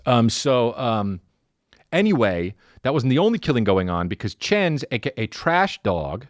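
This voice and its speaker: A man in his thirties hosting a podcast, ranting through a comic story with lots of swearing and sudden jumps into silly high voices. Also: dry recording, clean studio sound. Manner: animated storytelling, profane, jumps into mock voices and high sung syllables. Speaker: podcast host. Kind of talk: comedic rant.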